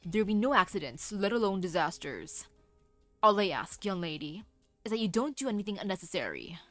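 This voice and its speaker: A woman voicing a calm, ominous stranger who speaks in slow, measured tones with veiled menace. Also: medium pitch, no echo, soft background music, pitched below the performer's own voice. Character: calm ominous stranger giving a cold warning.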